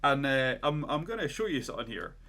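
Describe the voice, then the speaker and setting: A man's voice: medium pitch, big pitch swings, fast, sharp tone. A man co-hosting a podcast, retelling a story in a casual, rambling way with lots of "like" and "right?". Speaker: podcast co-host.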